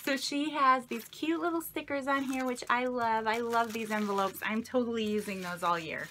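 A woman's voice: on the high side, moderate pace, slight background noise. A young woman vlogger chatting casually to camera as she unwraps crafting gifts. She gushes, exclaims often and thanks the sender again and again. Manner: gushing, effusive, keeps saying thank you; exclamations and soft laughs. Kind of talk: casual unboxing chat to camera.

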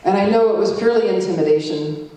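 A middle-aged woman telling her story at a community talk, with a dark, mellow tone. She acts out each exchange by changing her pitch. The sound comes from a mic set well back in a very echoey hall. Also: fast, distant mic. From Alberta, Canada. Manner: storytelling, acting out dialogue with shifts in pitch. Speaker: guest speaker warning communities. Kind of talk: public talk with slides.

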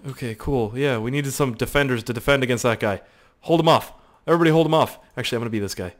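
A man giving excitable let's play commentary, swearing freely, yelling at his game characters and mocking himself. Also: mid-range voice, quick pace. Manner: self-mocking banter. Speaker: gaming YouTuber.

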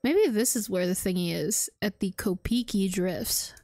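A woman streaming a video game, chatting casually and poking fun at herself as she thinks out loud. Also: mid-range voice, measured pace, no echo. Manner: chatty, self-deprecating, thinking aloud. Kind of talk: casual gameplay commentary.

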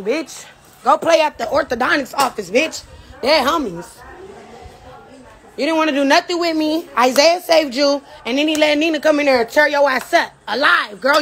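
Woman, high voice, profane taunting rant, laughing, direct to camera. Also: fairly bright tone. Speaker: reality show cast member.

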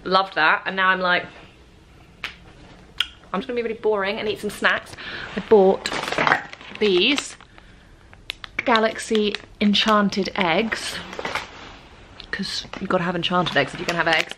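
A woman's voice: mid-range voice, fairly even intonation, unhurried, long pauses. A chatty young woman from Britain talks casually to her camera and her puppy. She has an everyday mid-range voice over a faint hum of room noise. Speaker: vlogger. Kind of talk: casual vlog chat.

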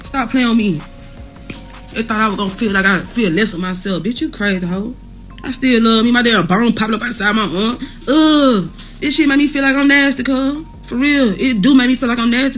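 A woman talking casually to camera from her recovery bed, defiant, boastful and full of repetition and slang. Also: a little high. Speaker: vlogger recovering from burns.

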